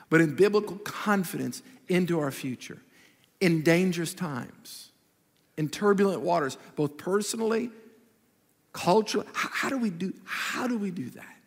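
A man preaching a sermon as pastor, animated and repetitive, acting out little quotes as he goes. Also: high voice, creaky. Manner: animated preaching, repeats phrases, acts out quotes. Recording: reverberant hall.

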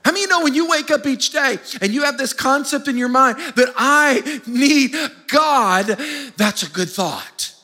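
A man's voice: very high voice, lively intonation, fairly quick, hardly any pauses, pushed and bright, long reverb tail. A male pastor preaching a sermon, emphatic, prompting his congregation to answer back. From United States. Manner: emphatic, call-and-response with the congregation.

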